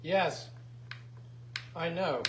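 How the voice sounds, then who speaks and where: A man's voice: fairly high pitch, very slow. Joking man with a Philadelphia accent. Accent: Philadelphia area. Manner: short agreeable replies, joking. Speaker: co-host. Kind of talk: casual chat. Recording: roomy, background noise.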